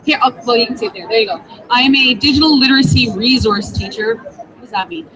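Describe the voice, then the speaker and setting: A woman's voice: fairly high pitch, animated, fast talker. Bubbly Canadian woman presenting at a conference. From Ontario, Canada. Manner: bubbly, self-deprecating, chatty with fillers. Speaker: presenter, tech coach. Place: busy conference floor. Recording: noisy crowd in background.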